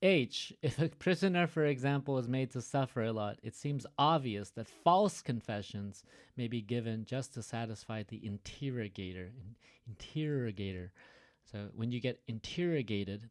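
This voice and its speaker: A man's voice: medium pitch, normal speed. A man teaching an online reading lesson, talking casually, stopping often to explain and joke. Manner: chatty, stops to explain and joke.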